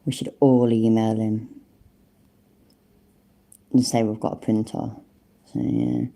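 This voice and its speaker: A woman's voice: a bass voice, level tone, slow pace, creaky, warm tone. A woman giving mocking reaction commentary over a stream, sarcastic and taunting, swearing freely.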